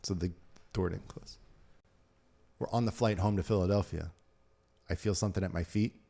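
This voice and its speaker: A middle-aged man hosting a podcast, telling stories in casual chat, swearing often and acting out other people's lines loudly. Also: sits low, normal speed, creaky. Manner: animated storyteller, swears, acts out quotes loudly. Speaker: podcast host.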